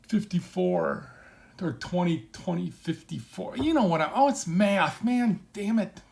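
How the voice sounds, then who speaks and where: A man speaking casually as a game developer answering a viewer's question, animated and acting out quoted voices, often adding "right?". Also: on the high side, gravelly. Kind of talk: casual solo talk.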